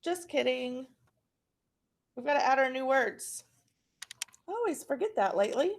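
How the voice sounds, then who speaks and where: A woman's voice: high voice, big pitch swings, normal speed, vocal fry, a little hiss or hum. A woman teacher leading a patient, encouraging phonics lesson for young children.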